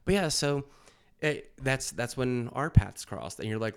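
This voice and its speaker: A man's voice: mid-range voice, animated, a little slow, creaky, few pauses, smooth. A man speaking as a podcast guest in a candid conversation, blunt and profane, laughing often.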